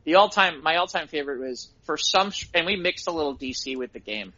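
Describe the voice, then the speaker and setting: A middle-aged man, a podcast co-host, telling excited stories in casual chat and laughing at them himself. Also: on the high side, fast talker, dull audio. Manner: excitable storyteller, laughs at his own stories.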